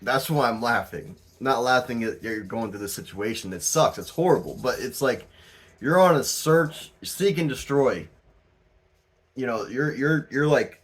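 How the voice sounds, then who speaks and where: A man giving a tarot reading as the host, talking casually, rambling and animated, often laughing and swearing. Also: fairly low pitch, moderate pace, husky. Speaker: tarot reader.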